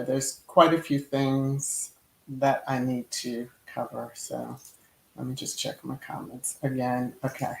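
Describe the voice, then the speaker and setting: A middle-aged woman hosting a casual livestream, chatting and laughing as she reacts to viewer comments. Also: fairly low pitch. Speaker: channel host. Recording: roomy echo.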